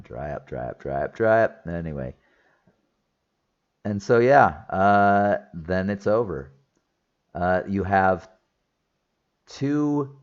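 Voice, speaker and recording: Slow, deep-voiced man reviewing a film. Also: muffled recording. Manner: rambling, emotional, with fillers and restarts. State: teary-eyed. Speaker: movie reviewer. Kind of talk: casual spoiler review.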